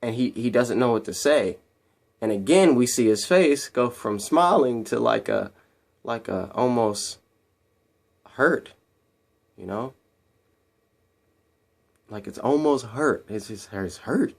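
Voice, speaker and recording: A man talks through a movie recap in an easygoing, rambling way, circling back over the same phrases. His voice sits at an ordinary middle pitch. When he quotes a character, he jumps up into a higher, put-on voice. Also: expressive, takes it slowly, creaky, long pauses. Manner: rambling and repetitive, acting out quotes in raised voices. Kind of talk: casual scene-by-scene movie retelling.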